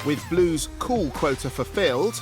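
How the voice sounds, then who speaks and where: Wry male narrator over loud music. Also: fairly high pitch, lively intonation, measured pace. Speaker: documentary narrator. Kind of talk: scripted narration.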